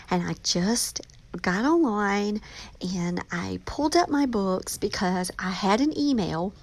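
A woman hosting her own podcast, talking in an excited, emotional way with many ums. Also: mid-range voice, slight background noise. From North Carolina. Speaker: podcast host, author. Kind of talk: casual excited podcast chat.

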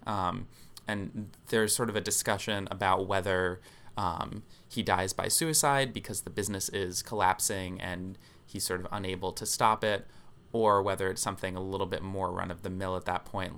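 Male podcast co-host, low gravelly voice with a crisp edge, casual storyteller, leans on filler ums. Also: a bit bright. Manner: explanatory, many filler ums.

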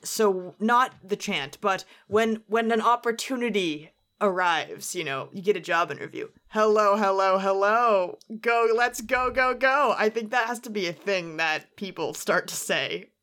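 A woman's voice: mid-range voice, animated, unhurried, few pauses, a bit bright. A woman co-hosting a podcast in casual chat, musing and amused as she theorizes aloud. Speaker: podcast co-host.

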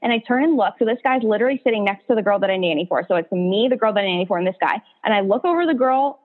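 A woman's voice: mid-range voice, animated, rapid-fire. A young woman hosting a podcast, telling stories in casual chat and leaning heavily on "like". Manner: chatty storyteller, heavy "like" filler. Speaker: podcast host. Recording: tinny phone-like line.

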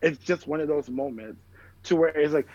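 A man's voice: a little high, moderate pace, a little mellow, no room sound. A man in casual chat, telling stories in a rambling way, heavy on fillers and swearing. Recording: dull lo-fi sound, dry room.

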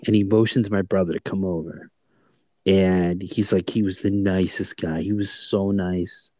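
A man's voice: low voice, fairly even intonation, unhurried, mellow, no room sound. A man co-hosting a podcast in casual chat, telling a story with many restarts and asides. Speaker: podcast co-host.

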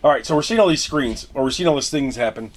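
A man's voice: medium pitch, lively intonation, fast talker. A man co-hosting a podcast, casually retelling a movie plot with lots of fillers and restarts. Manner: rambling, filler-heavy retelling. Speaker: podcast co-host. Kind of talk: casual movie recap chat.

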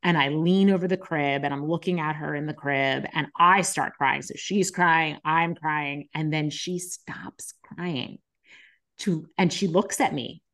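A woman's voice: low voice, moderate pace, hardly any pauses, fairly bright tone. A woman, a nurse and podcast co-host, telling her own story in an open, reflective way. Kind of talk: candid conversation.

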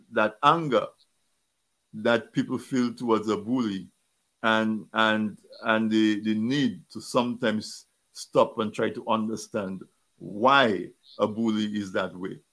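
A lower-voiced man hosts an interview and talks through long questions. He stumbles often, repeating words and restarting his sentences as he goes. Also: fairly even intonation, takes it slowly, fairly bright tone. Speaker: interview host. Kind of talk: interview talk.

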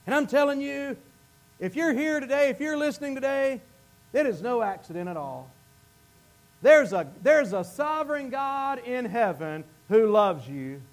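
A man with a very high voice delivers an impassioned sermon as a pastor. He rises to loud, emphatic peaks, then drops to hushed, intimate lines, and he repeats phrases and stumbles over words as he presses his point.

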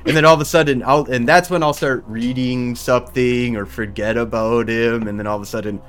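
A man hosting a gaming talk stream, chatting casually and excitably, swearing and acting out his own reactions with laughter. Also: mid-range voice, brisk, smooth. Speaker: host of a livestreamed gaming talk show reading chat. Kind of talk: casual chat.

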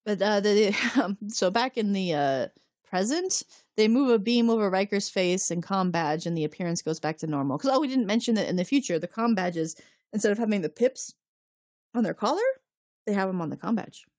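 A woman's voice: medium pitch, brisk, dry recording. Woman podcaster recapping a show, acts out the quotes, dead dry room. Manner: animated retelling, acts out lines with laughs. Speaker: podcast co-host. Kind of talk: casual chat recapping a TV episode.

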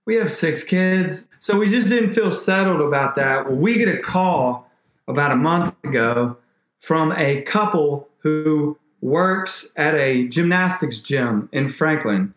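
Animated man in an echoey room. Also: fairly high pitch, a little slow. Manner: animated, rambling, restarts often. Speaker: podcast guest. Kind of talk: emotional faith story in conversation.

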